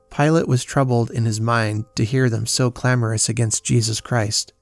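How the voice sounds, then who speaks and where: A man's voice: medium pitch, fairly even intonation, moderate pace, vocal fry, few pauses, dry recording. Man reading a solemn Bible story. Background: faint guitar music.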